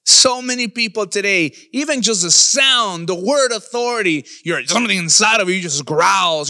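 Male pastor, high bright voice, emphatic sermon delivery, dry close sound. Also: animated, normal speed, hardly any pauses, no echo. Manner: emphatic, stretches key words, bursts into shouts.

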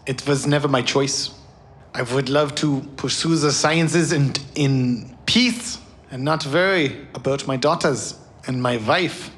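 A man voicing a weary, gentle male scientist who speaks formally and sadly. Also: medium pitch, slow. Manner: formal, melancholy speech.

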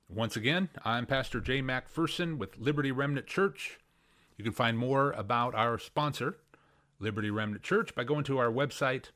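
A male pastor hosting a radio Bible show, preaching in a conversational way and acting out the quotes with animated emphasis. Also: medium pitch.

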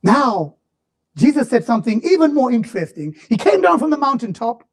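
Man, preacher, sermon, very high voice, lively pitch swings, shouts then murmurs. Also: fast talker.

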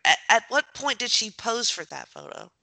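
A woman co-hosts a casual movie watch-along podcast. Her voice is bright and forceful. She reacts quickly and playfully, and the sound is dry and close. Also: on the high side, very animated, vocal fry, no echo. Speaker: podcast co-host.

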